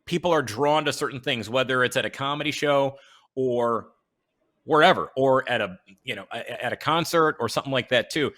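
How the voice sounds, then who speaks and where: A man hosting a casual podcast chat, speaking earnestly and haltingly, with many restarts and fillers. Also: medium pitch, bright, forceful tone. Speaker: podcast host.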